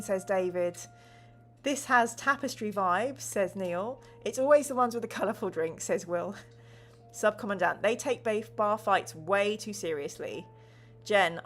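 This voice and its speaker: A woman streaming a gamebook live, bubbly and laughing often, reading out viewers' chat messages and narrating the story. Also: medium pitch.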